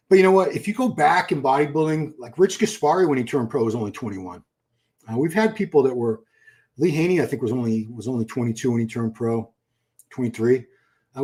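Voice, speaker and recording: Middle-aged male streamer, relaxed off-the-cuff commentary, reacts to chat as he goes. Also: mid-range voice. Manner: chatty, thinks aloud, reacts to chat. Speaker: livestream host. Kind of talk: casual live-stream commentary. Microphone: computer mic for live stream.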